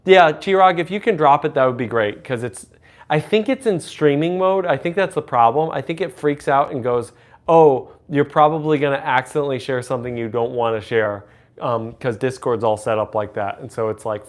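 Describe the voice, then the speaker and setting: A man hosting a casual livestream, teaching relative pitch by humming and singing intervals and chatting with viewers. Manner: hums and sings intervals to demonstrate; chats with viewers. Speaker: livestream host and music teacher.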